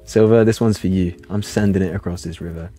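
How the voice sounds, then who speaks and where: A man's voice: low-pitched, fairly even intonation, fairly quick, mellow, faint music behind. A young man chatting casually on a game livestream into a desk mic, rambling and cutting himself off mid-thought. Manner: rambling, self-interrupting, chatty. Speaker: game streamer.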